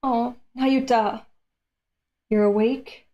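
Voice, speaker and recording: A woman from Europe streaming a manga read-along, reacting aloud with animated, profane rants. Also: fairly high pitch, slow, long pauses, lo-fi sound. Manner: animated, swears freely, rants at the page.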